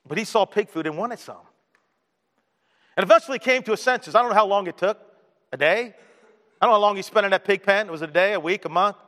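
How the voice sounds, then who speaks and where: A man preaching with a rather high voice, animated in his storytelling and falling quiet for emphasis. His words ring out with a long echo through a big hall. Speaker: pastor. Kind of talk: sermon.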